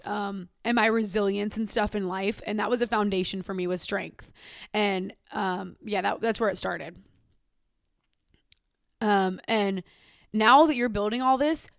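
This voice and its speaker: A woman's voice: fairly high pitch, no room sound, studio quality. A young woman hosting a podcast, talking candidly and casually, swearing freely and restarting her sentences often. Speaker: podcast host. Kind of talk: casual personal talk.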